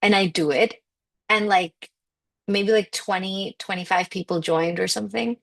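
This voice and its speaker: A woman's voice: medium pitch, normal speed, creaky. A woman coaching listeners through a motivational spiritual talk, emphatic and conversational, often saying "like". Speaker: manifestation coach.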